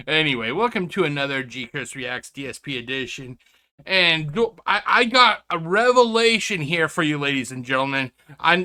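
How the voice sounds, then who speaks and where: A reaction channel host delivers casual, sarcastic, rambling commentary on a video, stumbling through restarts and addressing viewers as "ladies and gentlemen." His voice is a little high for a man, bright and forceful.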